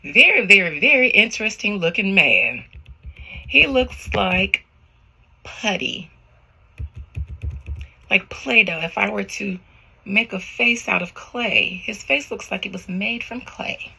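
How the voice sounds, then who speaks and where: A woman's voice: mid-range voice, expressive, takes it slowly, vocal fry, long pauses, sharp tone, husky, poor audio. A woman tarot reader talking casually to her viewers, rambling and slangy, in a spiritual reading vlog.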